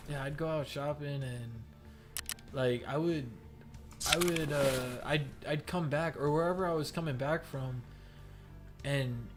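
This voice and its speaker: A man's voice: fairly high pitch, unhurried, over music. A young adult man streaming a game, telling a rambling story full of "like" fillers and swearing. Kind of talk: casual storytelling. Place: home gaming setup.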